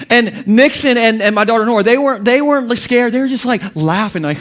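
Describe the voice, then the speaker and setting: A man in his thirties delivers a sermon full of jokes and funny stories. His voice sits unusually high for a man. He laughs often as he preaches from the pulpit. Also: normal speed, pauses often, fairly bright tone, a little hiss or hum. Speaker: pastor. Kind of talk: humorous sermon.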